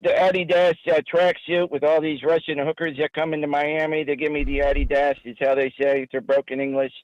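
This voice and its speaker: Crude, touchy Jersey braggart caller, played by a man; higher voice, muffled dry phone sound. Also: level tone, no room sound, lightly acted. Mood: boastful. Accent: New Jersey. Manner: boastful, crude, quick to take offense. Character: sleazy aging male caller, loud braggart producer.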